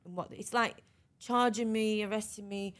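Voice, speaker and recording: Speaking at a normal speed in a mid-range voice, a middle-aged woman frankly and animatedly relates her own experiences as a podcast interviewee, repeatedly breaking off and restarting sentences.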